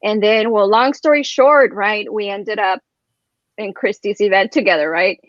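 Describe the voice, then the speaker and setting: A woman telling a personal story in casual chat as a guest, rambling and animated, filling her speech with "like" and "right?". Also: medium pitch, moderate pace, no echo, muffled recording.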